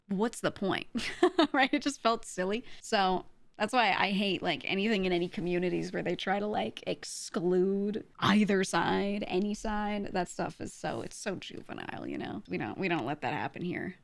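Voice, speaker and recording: A woman's voice: mid-range voice, creaky, dry recording. A young woman streaming, chatting casually with viewers, laughing often and acting out quoted voices.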